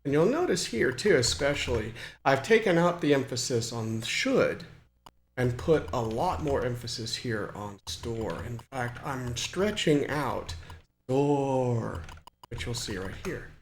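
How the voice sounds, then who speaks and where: Man with a creaky mid voice, hobbyist tutorial host, talks through settings, fills with restarts. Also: medium pitch, expressive, unhurried, a little hiss or hum. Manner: explanatory, with frequent fillers and restarts. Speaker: hobbyist programmer demonstrating software. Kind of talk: screen-recorded tutorial walkthrough.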